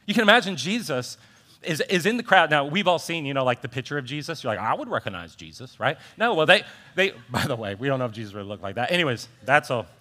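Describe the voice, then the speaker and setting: Male pastor, sermon delivery; bright, forceful tone, slightly high voice, animated with conversational asides. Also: fast talker. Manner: animated, repeats phrases for emphasis.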